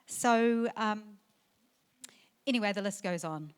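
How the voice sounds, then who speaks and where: A middle-aged woman, the mother of the bride, giving a wedding reception speech into a handheld mic, emotional and halting, with fillers and restarts. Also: medium pitch, clear, resonant tone. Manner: emotional, tearful at times, laughing through the speech. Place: wedding reception venue, indoors.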